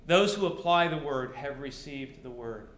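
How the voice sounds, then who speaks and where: A man's voice: mid-range voice, lively intonation, moderate pace, fairly bright tone. A male pastor preaching a sermon to his congregation, mixing rhetorical questions with dry humor. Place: church sanctuary. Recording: roomy church echo.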